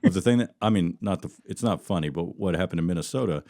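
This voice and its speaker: A man's voice: low-pitched, quick pace, warm tone, no room sound, clean studio sound. A man hosting a podcast in casual chat, rambling and laughing often, his sentences trailing off. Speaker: podcast host.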